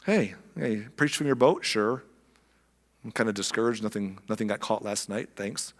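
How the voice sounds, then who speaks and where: A man's voice: on the low side, moderate pace, pitched below the performer's own voice, lightly acted. A humbled, worn-down fisherman pleads and berates himself, as a preacher acts him out in the middle of a sermon. The voice rings with the long reverb of a church sanctuary. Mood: weary. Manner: pleading, self-reproaching. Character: troubled adult male fisherman, humbled and worn down.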